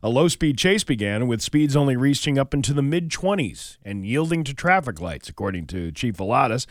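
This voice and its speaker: A man's voice: medium pitch, big pitch swings, fairly quick, dry recording, clean studio sound. A man hosting a morning radio show, telling jokes and reading local news, often restarting his sentences. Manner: joke-telling, hesitant with restarts. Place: radio studio.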